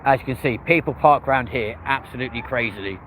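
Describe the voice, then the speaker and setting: A man, giving excitable live commentary outdoors by an airport and chatting with viewers by name. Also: medium pitch, quick pace, poor audio. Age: early 30s. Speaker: live-stream plane-spotting host. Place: outdoors near a busy airport and street. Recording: outdoor stream with loud traffic and urban noise.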